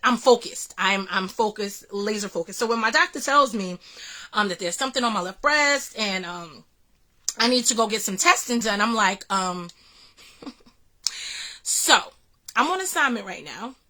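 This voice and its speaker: A woman's voice: mid-range voice, lively intonation, normal speed, long pauses, bright, forceful tone. A woman vlogger earnestly recounting a personal experience, full of restarts and fillers. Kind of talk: personal storytelling vlog.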